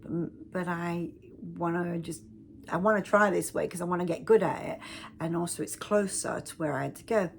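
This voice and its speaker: A woman's voice: fairly low pitch, normal speed, vocal fry, slight background noise. A woman, a self-help speaker, telling a personal story in a casual, rambling way with frequent restarts.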